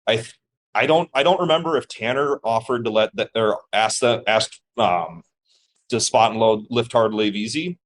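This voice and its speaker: A man's voice: fairly low pitch, normal speed. A man chatting casually as a podcast guest, hesitant and rambling with many restarts. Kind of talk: casual chat.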